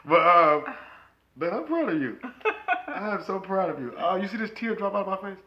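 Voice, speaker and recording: A man co-hosting a marriage podcast, talking in a playful, preachy way with bursts of loud excited laughter. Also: high voice, fairly quick, lo-fi sound, background noise. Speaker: podcast co-host. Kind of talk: casual chat.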